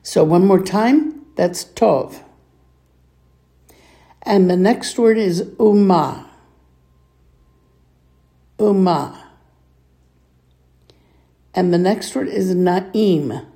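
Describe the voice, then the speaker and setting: Female teacher, unhurried drill-style delivery, low mellow voice, patient. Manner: patient, clears throat often, sounds words out slowly. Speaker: Hebrew reading teacher. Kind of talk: slow reading lesson with repeat-after-me drills.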